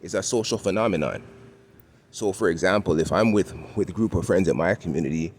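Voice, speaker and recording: A man's voice: sits low, brisk, darkish tone, slight background noise. A man with a Toronto accent, talking in a laid-back, chuckling way as he vlogs on a city walk, often tagging his sentences with "right?". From Canada. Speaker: vlogger. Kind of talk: casual walking vlog monologue. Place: outdoors, walking in the city.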